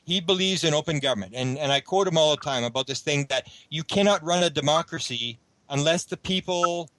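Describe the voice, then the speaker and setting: A man's voice: a little high, brisk, a bit bright, no room sound, poor audio. A man being interviewed on a radio show, talking at length in a rambling way with many restarts. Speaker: guest researcher.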